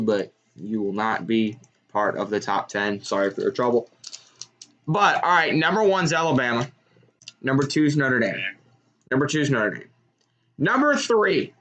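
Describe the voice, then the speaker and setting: Young male streamer, excitable live reaction, bright and animated. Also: mid-range voice, muffled recording. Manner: excitable, shouts at big plays. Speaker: sports streamer.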